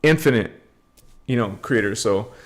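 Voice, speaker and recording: A man hosting a casual spiritual livestream, greeting viewers by name in a playful way and laughing often. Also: fairly low pitch. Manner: relaxed and unhurried. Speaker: livestream host.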